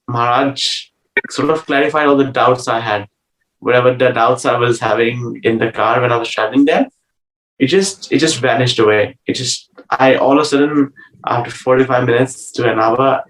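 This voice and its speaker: A man telling a personal spiritual story as an interview guest, earnest and hesitant, with many pauses and restarts. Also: mid-range voice, a bit bright. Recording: roomy sound from a distant mic.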